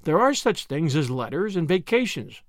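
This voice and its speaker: A man reading aloud as a kind, solemn young woman schoolteacher who talks gently and reassuringly in an audiobook. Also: fairly high pitch, very animated, moderate pace, dry recording, studio quality. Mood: gentle.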